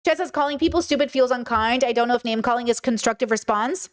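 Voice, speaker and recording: A woman with a high voice hosts a livestream, reading chat messages aloud. She answers bluntly and swears often, with open exasperation. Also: quick pace. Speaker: livestream host.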